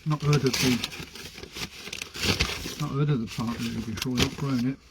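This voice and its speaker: A man's voice: medium pitch, steady tone, normal speed, very noisy. Chatty man potting seeds live. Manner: chatty, rambling, talks to himself while potting. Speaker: gardening channel host. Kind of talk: casual live-stream chat while working. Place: greenhouse.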